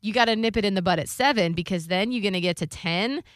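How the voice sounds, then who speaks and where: A woman's voice: mid-range voice, quick pace, no room sound, clean studio sound. A woman radio host in her thirties telling a parenting story in casual chat, using "like" a lot. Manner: chatty storytelling, lots of "like".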